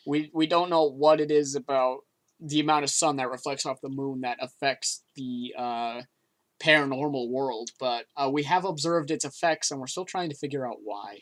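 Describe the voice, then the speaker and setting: A man co-hosting a podcast, explaining things in a measured way. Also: medium pitch. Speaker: podcast co-host. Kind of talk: casual chat.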